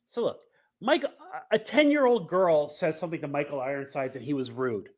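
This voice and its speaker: A man's voice: on the high side, moderate pace. A man co-hosting a podcast, chatting casually about movies and often checking in with "you know what I mean". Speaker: podcast co-host.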